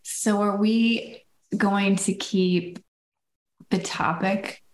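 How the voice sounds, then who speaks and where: A woman from the United States co-hosting a podcast in casual chat, thoughtful and quick to laugh. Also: mid-range voice, steady tone. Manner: laughs easily, thoughtful and reflective. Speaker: podcast co-host. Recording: roomy echo.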